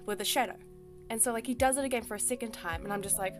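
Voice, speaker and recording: A woman's voice: fairly high pitch, fairly quick, long pauses, over music. A woman telling a personal story in a casual voice-over, emphatic and exasperated, swearing freely and filling her talk with "like" and "sis". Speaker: storytime artist.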